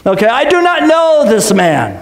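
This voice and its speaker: A pastor acting out a frightened grown man who blusters that he does not know someone, dropping his voice low. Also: wildly swooping pitch, normal speed, creaky, reverberant, exaggerated voice. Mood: insistent. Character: frightened grown man denying he knows anyone.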